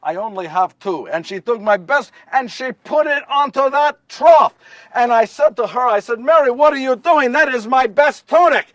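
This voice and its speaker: A man's voice: very high voice, moderate pace, no echo, far from the mic. A man playing young nervous Joseph. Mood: wry. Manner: repetitive, wry storytelling with self-corrections. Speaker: solo stage performer. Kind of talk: first-person dramatic monologue. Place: live stage before an audience.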